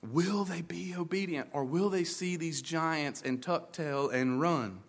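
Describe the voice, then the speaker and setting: Guy preaching a sunday sermon, kinda high voice, loose and conversational, folksy asides. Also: a little slow, vocal fry. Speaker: pastor.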